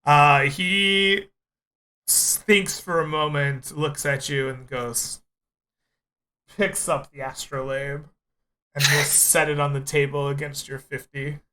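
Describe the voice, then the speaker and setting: A man narrating a tabletop game as game master, describing the scene in an unhurried way with frequent fillers. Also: a little high, steady tone, bright, forceful tone.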